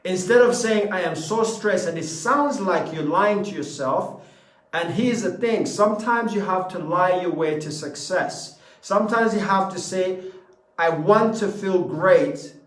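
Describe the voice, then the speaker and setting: An emphatic man with a fairly high voice gives a motivational talk, repeating himself and asking his listeners questions. He is recorded from a distance in a roomy, echoing space. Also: normal speed, a bit bright. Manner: emphatic, repeats phrases, asks the audience questions. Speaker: motivational speaker. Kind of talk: motivational talk to a live audience. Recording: echoey room from a distance.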